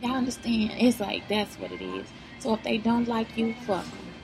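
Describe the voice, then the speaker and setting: Woman, vlogger, gravelly voice, blunt and profane, preachy motivational talk, music underneath. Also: a little high, moderate pace, rough recording. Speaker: vlogger giving life advice.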